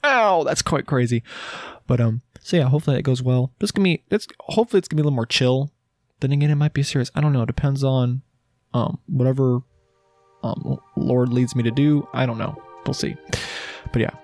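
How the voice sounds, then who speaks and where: A man's voice: medium pitch, a little fast, darkish tone, no room sound, faint music behind. Chatty rambling man hosting a podcast. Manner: rambling, chatty, self-deprecating. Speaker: podcast host. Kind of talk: casual solo podcast talk.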